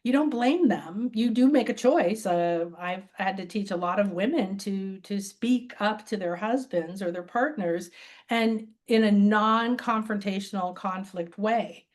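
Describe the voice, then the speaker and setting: A woman's voice: medium pitch, unhurried. A woman spiritual teacher talking casually as an interview guest, telling stories and acting out the voices of the people in them. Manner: animated, acts out quoted voices, laughs often. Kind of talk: casual conversational storytelling. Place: lives by a beach.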